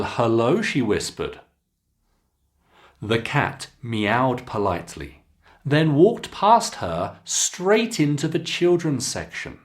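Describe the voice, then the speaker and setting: Slow, lively British English teacher. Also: male voice, mid-range voice. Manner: slow, deliberate, clearly enunciated reading with instructions to repeat. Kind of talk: reading aloud for a pronunciation lesson.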